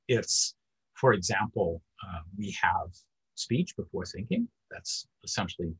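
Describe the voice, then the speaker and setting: A male lecturer talks through his material in a rambling, discursive way, full of fillers and asides. His voice is very husky and rough, and his pitch rises and falls a lot. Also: rough recording. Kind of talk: academic lecture.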